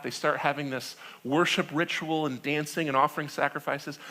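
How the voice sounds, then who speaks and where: Casting: male pastor, 30s, storytelling sermon, bright voice, slightly high, chatty asides. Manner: animated storytelling, acting out quoted voices; conversational with frequent "right?" and laughs.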